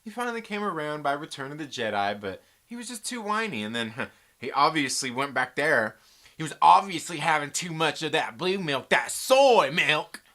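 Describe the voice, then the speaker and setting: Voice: mid-range voice, brisk. A YouTube reviewer giving a casual, ranting review, joking and swearing, full of slang like "dude" and "bro". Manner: animated, profane, joking rants. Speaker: YouTube pop-culture reviewer.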